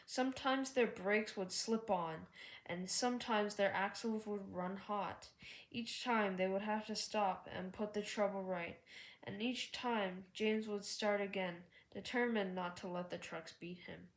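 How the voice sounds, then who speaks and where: A woman narrating a children's railway story aloud. She reads slowly and gently with a mid-range pitch, taking her time over each line. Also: echoey room, rough recording.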